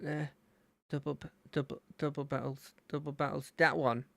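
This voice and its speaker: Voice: medium pitch, little pitch movement, moderate pace, vocal fry, a bit bright, no room sound. A game streamer chatting casually and playfully while playing a fangame, thinking aloud. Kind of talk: casual gameplay commentary.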